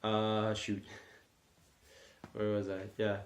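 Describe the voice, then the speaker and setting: A man's voice: fairly low pitch, completely flat delivery, slow, noisy background. Rambling young man in an echoey room. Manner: rambling, self-deprecating, many fillers. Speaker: vlogger. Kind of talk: casual vlog talk.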